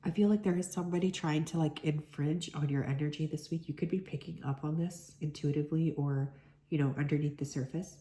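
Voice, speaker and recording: A woman with a sick, hoarse voice giving a chatty collective card reading as a tarot reader, full of "like" fillers. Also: low-pitched, fairly even intonation, fairly quick, mellow. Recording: echoey room.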